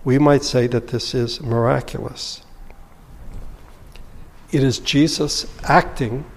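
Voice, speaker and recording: Pastor preaching in a reverberant hall. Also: male voice, medium pitch, fairly even intonation, takes it slowly. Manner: earnest, explanatory, with rhetorical questions. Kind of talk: sermon.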